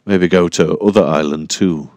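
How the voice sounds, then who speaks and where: A man voicing an adult island man who speaks slow, halting, broken English in an audiobook. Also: deep voice, darkish tone, no room sound. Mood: wary.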